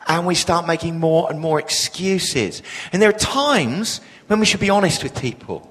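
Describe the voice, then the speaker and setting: A man's voice: a little high, lively intonation, normal speed, hardly any pauses, a bit bright, breathy edge, in a large hall, rough recording. A man, preaching a sermon with humorous storytelling. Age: 40s.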